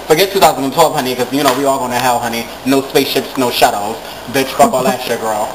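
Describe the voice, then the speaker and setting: A man's voice: medium pitch, normal speed, noisy background. A man chatting casually with friends in a sassy, campy manner full of slang. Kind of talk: casual chat among friends.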